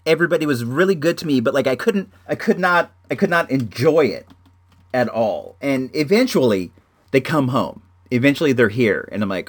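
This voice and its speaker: A man's voice: medium pitch, normal speed. A man hosting his own home show, telling a long personal story in a rambling, casual way, full of "like" and "dude". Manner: rambling, animated, heavy use of "like" and "dude".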